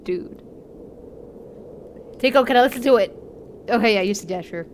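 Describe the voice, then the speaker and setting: A woman streaming a game live, chatty and rambling, thinking out loud and easily moved. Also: a little high, racing, a little hiss or hum. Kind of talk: live gameplay commentary.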